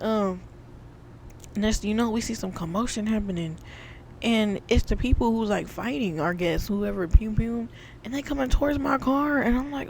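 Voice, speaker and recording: A young woman telling a casual storytime, chatty and animated, talking straight to her viewers and acting out sound effects. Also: mid-range voice, normal speed, slight background noise. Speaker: vlogger.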